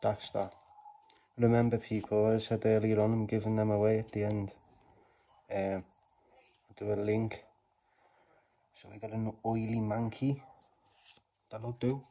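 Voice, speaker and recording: A man chatting casually to viewers as he opens card packs, bursting into loud exclamations between quieter mumbled remarks. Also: fairly low pitch, little pitch movement, measured pace, long pauses. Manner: slangy, chatty address to viewers. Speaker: YouTuber opening trading card packs. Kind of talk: casual vlog commentary.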